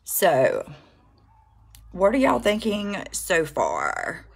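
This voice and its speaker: A woman's voice: medium pitch, wildly swooping pitch, drawn-out words, vocal fry, breathy edge. A woman with a Southern US accent chatting casually on a makeup livestream, greeting viewers and rambling with fillers while she works. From American South.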